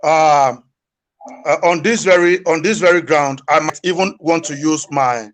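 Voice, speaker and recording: A man's voice: fairly high pitch, unhurried, fairly bright tone. A man from Edo State with a Nigerian accent and Edo as his first language, speaking as an interview guest in an earnest, pleading appeal that repeats lines for emphasis. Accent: Nigerian English. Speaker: guest, diaspora community leader.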